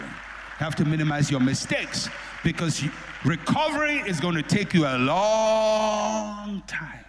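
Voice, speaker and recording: A man preaching a sermon, repeating phrases for emphasis and swinging between loud and soft. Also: sits high, very animated, measured pace, a little hiss or hum. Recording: echoey hall with long reverb.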